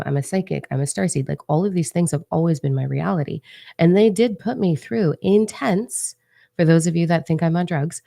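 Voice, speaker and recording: Woman with a deep raspy voice telling a story, chatty and animated, lots of "like", dry close sound. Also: no echo. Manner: casual and animated, many "like" fillers. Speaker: spiritual channel host. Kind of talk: personal storytelling.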